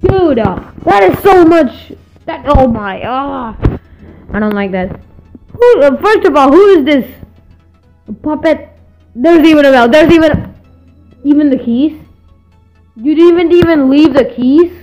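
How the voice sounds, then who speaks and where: A woman's voice: high-pitched, expressive, measured pace, pauses often, darkish tone, lo-fi sound, faint music behind. A young woman with a put-on accent commenting on gameplay, stammering and exclaiming as she reacts. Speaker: gaming video host.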